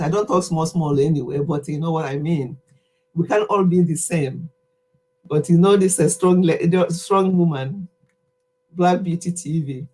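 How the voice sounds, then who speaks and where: A woman's voice: medium pitch, rough recording. A middle-aged Nigerian woman hosting a casual livestream, chatty and teasing, often laughing as she greets viewers. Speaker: livestream host.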